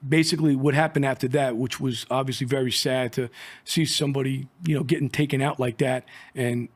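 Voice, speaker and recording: A man's voice: mid-range voice, steady tone, brisk. A middle-aged man, telling rambling, profane stories from his years as an undercover agent and acting out the dialogue. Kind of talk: casual storytelling.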